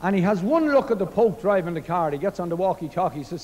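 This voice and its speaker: An Irish man tells jokes on stage, with a high voice. He acts out his characters' lines with lively animation, and the hall gives his voice a long echo. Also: quick pace, hardly any pauses. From Ireland. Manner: lively storyteller acting out dialogue. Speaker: comedian. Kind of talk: stand-up joke telling on stage.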